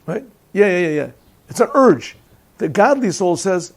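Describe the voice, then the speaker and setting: A rabbi delivers a Chassidic lecture with jokes in a yeshiva classroom, his high-pitched, slightly mellow voice full of lively intonation at normal speed. He stays conversational and regularly poses questions to those listening.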